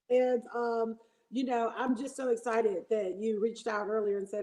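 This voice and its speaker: Mellow-voiced woman guest on a livestream. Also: mid-range voice, fairly even intonation, normal speed, low-quality recording. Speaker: guest co-host. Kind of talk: casual livestream chat.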